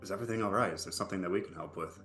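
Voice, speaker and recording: A man playing a polite, deep-voiced noble adventurer. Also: racing, a bit bright, echoey room, faint music behind. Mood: courteous. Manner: polite, earnest.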